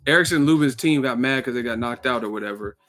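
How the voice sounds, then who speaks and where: A man's voice: medium pitch, fast, a bit bright, soft background music. A man from the Bay Area hosting his own channel, giving a casual, joking, profane rant that is full of acted-out quotes. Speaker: boxing commentary channel host.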